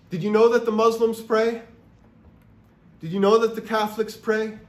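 A pastor with a high, slightly mellow voice delivers a sermon to his congregation in a slow, deliberate cadence. Earnest and emphatic, he relies on rhetorical questions, his words ringing through a roomy church sanctuary.

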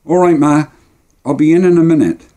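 A man voicing an eager young boy pleading with his mother, high and wheedling. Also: fairly even intonation, a little fast, warm tone, close to an everyday voice.

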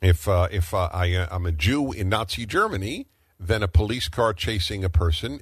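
A man's voice: lowish voice, expressive, normal speed, dry recording. A middle-aged man hosting a talk radio show, arguing emphatically and firing off rhetorical questions.

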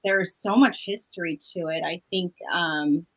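A woman's voice: on the low side, measured pace, poor audio. A woman, a paranormal investigator guest, speaking casually and hesitantly as she searches for words. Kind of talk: casual chat.

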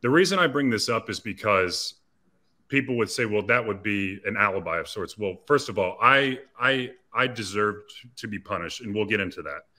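A man in his thirties speaks as an interview guest, earnest and confessional, often restarting his sentences. His voice sits low but rings bright and forceful. He tells a personal story candidly. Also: animated, normal speed.

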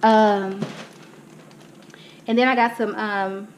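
A young woman speaks slowly and steadily at medium pitch, showing her grocery haul at home for her vlog. She's chatty, calls viewers y'all, and sounds a bit out of breath. The highs are cut off and there's slight background noise.

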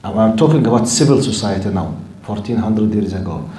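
In a recorded lesson to a live class, a man lectures on Islamic history, frequently questioning his listeners and sprinkling in Arabic terms. His voice is fairly low, warm and expressive at a brisk pace, though the room is echoey and the recording low quality.

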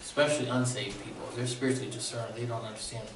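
A man's voice: mid-range voice, little pitch movement, fast talker. A male pastor preaching a sermon in a conversational way with a sore throat, often checking in with the congregation. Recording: very echoey room, distant mic.

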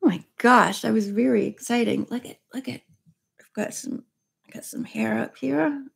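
A woman chatting casually between chapters of a read-aloud, rambling through gentle asides. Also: fairly high pitch, normal speed, creaky, husky. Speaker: vlogger reading a book aloud. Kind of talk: casual chat.

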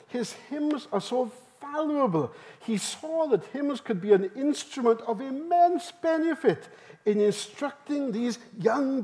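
A man giving a conference seminar talk. He is emphatic and lively and often turns questions to the audience. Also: extremely high pitch. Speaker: seminar speaker. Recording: live talk in a hall.

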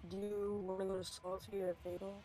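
A woman's voice: medium pitch, little pitch movement, fairly quick, a crowd in the background. A woman from Texas playing an online game and chatting casually with short, laid-back replies. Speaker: fellow player. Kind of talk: casual gaming chat.

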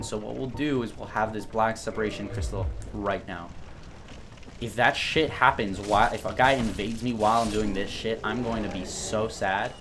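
A young man does blind let's play commentary as a gaming YouTuber, cursing and swinging between low grumbles and loud outbursts. There's background noise in the clip.

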